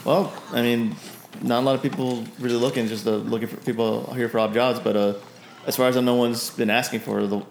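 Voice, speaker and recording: A man's voice: mid-range voice, fairly even intonation, a little fast, vocal fry, reverberant, a little hiss or hum, natural voice. A man voicing a chipper young male guild receptionist in a tabletop game. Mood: helpful.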